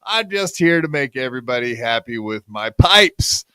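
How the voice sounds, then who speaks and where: A man's voice: mid-range voice, expressive, normal speed, bright, forceful tone, clear, resonant tone, no echo. A man hosting a podcast in casual banter, joking and self-mocking, rambling with many fillers. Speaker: podcast host.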